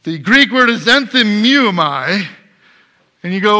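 A middle-aged man preaching a sermon as pastor, swinging between loud emphatic passages and soft quiet ones. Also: high voice, animated, unhurried.

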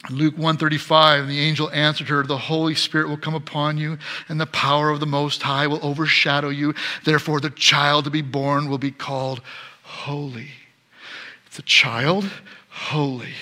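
A middle-aged man preaching a sermon as pastor, swinging between loud emphatic passages and soft quiet ones. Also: a little high, little pitch movement, normal speed.

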